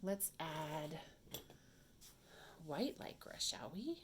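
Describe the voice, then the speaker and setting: A woman hosts a craft video from her home craft room, giving a casual hands-on tutorial while chatting and thinking aloud, sometimes talking to herself and dropping to whispers. Her low, sing-song voice moves very slowly, with a little hiss or hum in the background.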